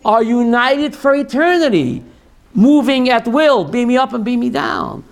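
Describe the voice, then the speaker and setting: A rabbi teaches a class on Jewish theology, quizzing listeners with call-and-response questions and animatedly dropping into the voices he quotes. His voice is extremely high-pitched and his speed normal.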